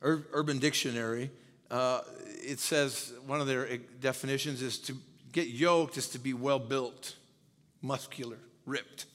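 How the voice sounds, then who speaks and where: A man's voice: mid-range voice, steady tone, unhurried, fairly bright tone, in a large hall. A man preaching a sermon as pastor. He speaks emphatically, repeats key phrases and quizzes his listeners.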